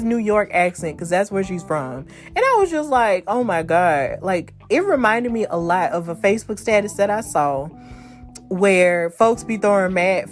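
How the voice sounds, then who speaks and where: A woman hosting a podcast, recapping the week's wrestling shows in a chatty, slangy way and laughing at her own jokes. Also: medium pitch. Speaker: podcast host.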